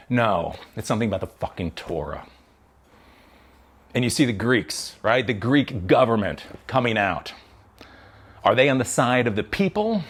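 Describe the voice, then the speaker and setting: A man hosting his own channel, delivering a heated, profane, sarcastic commentary rant to camera. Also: on the low side. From United States. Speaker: tech channel host giving commentary.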